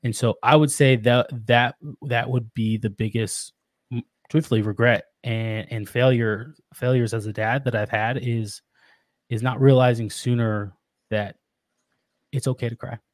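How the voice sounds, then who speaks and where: A man's voice: mid-range voice, steady tone, measured pace, no room sound, studio quality. A man guesting on a podcast, talking about being a father in an earnest, reflective way, often restarting his sentences. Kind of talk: casual interview talk.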